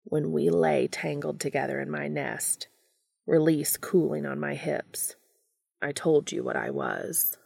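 A woman's voice: low voice, animated, a little slow, vocal fry, husky, no echo, studio quality, exaggerated voice. A woman murmuring as a formal, possessive creature lover. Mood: hushed, tender. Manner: soft, formal, murmuring near a whisper.

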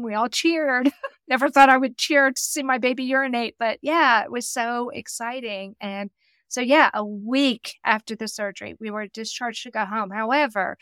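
A woman's voice: on the high side, a bit bright, no room sound. A middle-aged woman telling an emotional personal story in an interview, earnest and quoting the people she speaks of. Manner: earnest, emotional, quotes others in dialogue. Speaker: guest.

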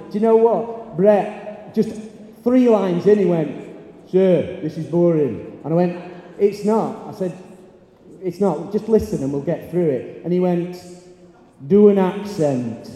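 Male teacher in his forties, high light voice with a mellow dark tone, lively storyteller, recorded in an echoey hall. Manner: animated, acts out pupils' voices. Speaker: teacher giving a talk. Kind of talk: storytelling speech on stage. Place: large hall or stage. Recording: echoey hall, long reverb.

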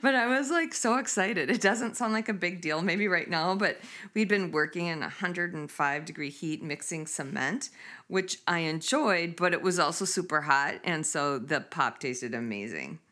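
A woman's voice: fairly low pitch, moderate pace. A woman in her fifties hosting a casual chat, telling stories with laughter and acting out quotes. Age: 50s. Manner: animated, laughing, acts out quotes.

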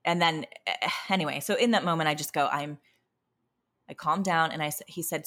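A young adult woman and parent of a toddler, exhausted, talking candidly in a halting, self-interrupting, emotionally raw way. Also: low-pitched, pushed and bright. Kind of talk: candid conversational chat.

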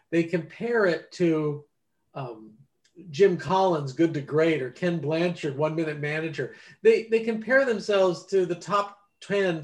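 A man over forty, an author and ghostwriter, talking casually in an interview and acting out quoted conversations as he tells stories. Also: a little high. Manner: animated storyteller, acts out quoted dialogue.

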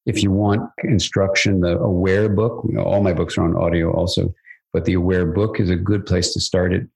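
A man's voice: low voice, moderate pace, vocal fry, breathy edge, rough recording. An older man, a psychiatrist guest in an interview, explaining ideas at length and telling stories with acted-out dialogue. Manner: animated storyteller, acts out quoted dialogue.

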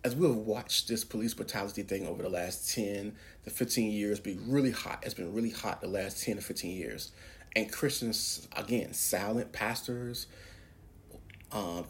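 A man's voice: fairly low pitch, a little hiss or hum. A man hosting a preaching podcast, speaking in an emphatic, preacherly way and pushing his voice up on key words. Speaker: podcast host.

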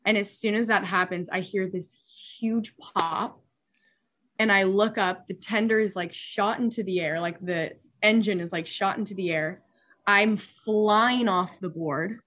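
A young superyacht stewardess tells a story in casual conversation, animated and laughing, her speech full of filler words. Her voice sits at a medium pitch and she takes her time.

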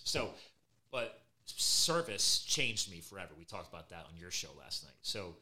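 A middle-aged man hosts a podcast in an easygoing, conversational way. He talks quickly, and his voice is bright and forceful. His stories come out animated and full of laughter. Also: fairly low pitch. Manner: energetic, animated storytelling with laughs. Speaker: podcast host. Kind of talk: casual podcast chat.

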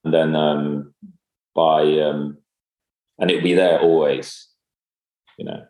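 A man in casual conversation, speaking in a halting, reflective way with many fillers and restarts. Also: rumbling low, fairly even intonation, a little mellow. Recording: echoey room.

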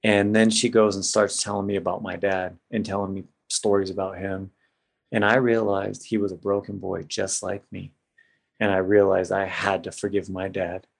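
A man's voice: sits low, little pitch movement, moderate pace, gravelly. A middle-aged man telling an emotional personal story in a casual, heartfelt way as a podcast guest. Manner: casual, emotional, says "man" and "bro" a lot.

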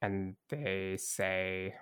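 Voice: low-pitched, steady tone, drawn-out words, a bit bright, clear, resonant tone, no room sound, clean studio sound. A game master narrating a tabletop game in a hesitant way, with many restarts.

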